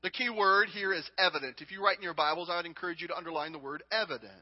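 A man's voice: high voice, rapid-fire. A man in his thirties preaching a sermon as a pastor, earnest and repeating phrases for emphasis. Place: church sanctuary. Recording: dull reverberant church hall recording.

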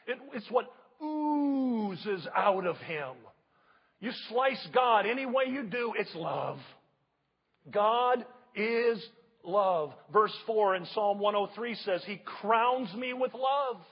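A man's voice: high-pitched, animated, slow pace, breathy edge. A man preaching a sermon in a church, driving his points home with repeated rhetorical questions to the congregation. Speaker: pastor. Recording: dull audio with long hall reverb.

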